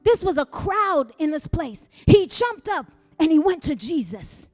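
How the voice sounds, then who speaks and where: Woman pastor, high and animated, preaching in a church hall with rising shouts. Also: measured pace, faint music behind. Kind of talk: sermon.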